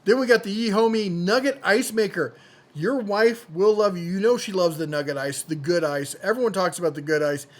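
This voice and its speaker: Chatty man with a slightly high voice. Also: fairly quick, hardly any pauses. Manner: chatty, jokey, self-correcting. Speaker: host of a tool deals channel. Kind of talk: casual product deal rundown.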